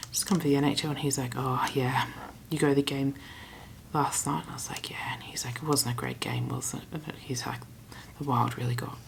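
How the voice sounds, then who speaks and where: A young Australian woman chatting casually in a travel vlog, retelling her conversations with quick asides. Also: rumbling low, creaky. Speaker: travel vlogger.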